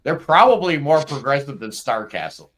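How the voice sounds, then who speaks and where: A man's voice: medium pitch, big pitch swings, normal speed, fairly bright tone. A man hosting a casual interview show, chatty and joking with his guests. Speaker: podcast host.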